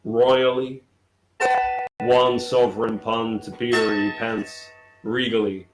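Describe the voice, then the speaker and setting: A man's voice: medium pitch, level tone. A man giving a theatrical, sing-song reading of a literary text in a live performance. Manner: slow, incantatory, sing-song delivery. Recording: echoey room with music behind, live stream.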